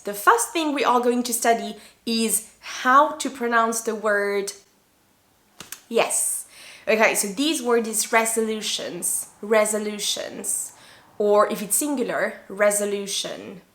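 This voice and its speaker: A woman from France, a native French speaker, teaching an English lesson to learners, repeating key words slowly and deliberately. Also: fairly high pitch, fairly bright tone, roomy sound.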